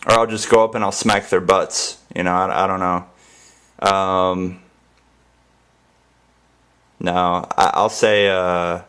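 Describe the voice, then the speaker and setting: Goofy deep-voiced American guy rambling. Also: level tone, takes it slowly, long pauses, a bit bright, clean tone. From United States. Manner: goofy, playful, repeats words in different ways. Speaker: ASMR channel host. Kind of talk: casual rambling vlog.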